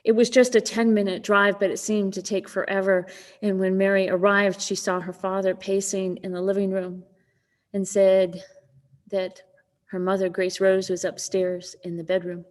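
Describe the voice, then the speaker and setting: A woman minister delivers a sermon in a gentle, unhurried storytelling manner, dropping almost to a whisper for the most tender lines. Her voice sits at an ordinary middle pitch for a woman. It rings out with a long reverb, as in a large church hall. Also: little pitch movement. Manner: gentle storytelling, slowing and softening to a near whisper in quoted moments. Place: church sanctuary.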